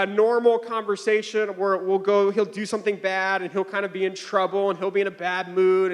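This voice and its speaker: High-voiced casual male pastor. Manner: casual, conversational, with frequent fillers and chuckles. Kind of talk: sermon with personal story.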